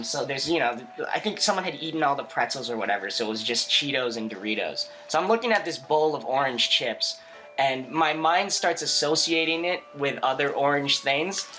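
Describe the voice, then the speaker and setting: Brief: young male podcast co-host, higher voice, lively storyteller who laughs a lot. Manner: animated, laughs often, many fillers. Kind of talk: casual storytelling chat.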